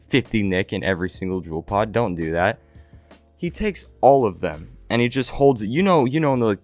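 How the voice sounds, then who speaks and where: A man's voice: lowish voice, no room sound. A young man casually telling a story, slangy and profane, with lots of "like" and "right?" fillers. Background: faint background music.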